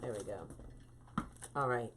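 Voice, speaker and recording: A woman's voice: very deep voice, a little slow, noisy background. A talkative woman hosting a live-stream wreath-making tutorial, chatting with viewers and greeting them by name.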